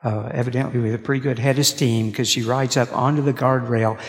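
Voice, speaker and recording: A man pastor delivering a sermon, telling stories with halting restarts. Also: mid-range voice, fairly even intonation. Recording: long reverb of a large hall.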